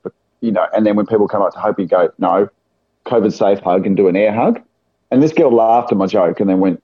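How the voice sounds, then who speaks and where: A man's voice: on the low side, brisk, husky, no echo. A man from South Australia, chatting casually and telling rambling anecdotes, acting out the people in them. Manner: rambling anecdotal storyteller, acts out quoted voices. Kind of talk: casual chat. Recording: dull lo-fi sound.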